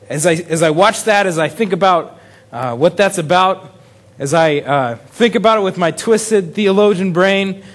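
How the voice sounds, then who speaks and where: Pastor guy with a high voice, chatty sermon, keeps chuckling and restarting. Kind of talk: casual sermon.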